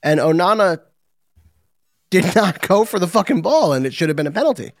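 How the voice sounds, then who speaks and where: A man's voice: high-pitched, brisk, no echo, studio quality. A man hosting a casual sports talk show, telling stories with energy and swearing now and then. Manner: animated storytelling, swears casually. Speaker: podcast host.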